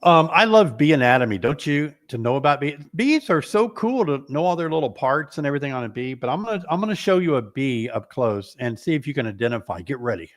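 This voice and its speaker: A man's voice: medium pitch, fast talker, hardly any pauses. A middle-aged man hosting a casual beekeeping live stream, playful and teasing, short of breath and coughing from an illness. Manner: playful, teasing, with animated exclamations. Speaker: beekeeping host.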